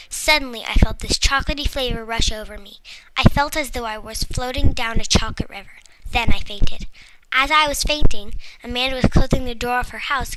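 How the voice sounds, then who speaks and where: A woman reading a first-person children's story aloud in a lively, playful way. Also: fairly high pitch, a little hiss or hum, poor audio. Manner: lively, playful storybook narration with comic similes.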